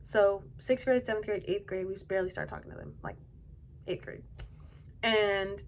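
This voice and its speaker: A young adult woman at home tells a personal story in a halting, casual way, full of fillers. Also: medium pitch, huge pitch swings, gravelly, slight background noise. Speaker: vlogger. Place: at home indoors.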